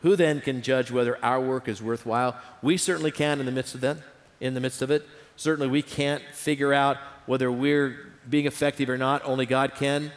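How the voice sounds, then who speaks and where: A man's voice: medium pitch, steady tone, brisk. A man preaching a sermon in an auditorium, earnest and repeating phrases for emphasis. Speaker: pastor. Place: large auditorium. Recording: reverberant hall.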